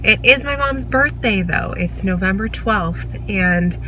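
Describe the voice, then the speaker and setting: Young woman rambling slow about books in her car, road hum behind, kinda gushy. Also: mid-range voice, expressive, sharp tone, poor audio. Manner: chatty, gushing, self-mocking. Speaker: book vlogger. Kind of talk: casual vlog chat. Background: car road noise.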